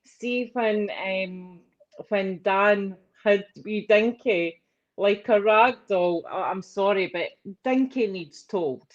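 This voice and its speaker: Scottish woman caller, chatty and quick to laugh, dull lo-fi audio. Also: mid-range voice. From Scotland. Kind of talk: casual call-in chat.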